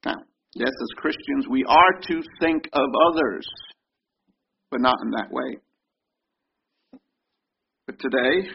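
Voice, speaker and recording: A man's voice: a little high, vocal fry, muffled recording, slight background noise. A man preaching a sermon in an emphatic way, repeating phrases for effect. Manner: emphatic, repeats and mimics congregation shouts.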